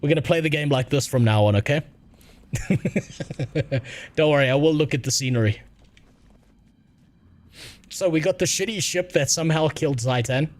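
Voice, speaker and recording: A man's voice: a little high, normal speed, long pauses. A man doing crude, joking casual gameplay commentary as a streamer.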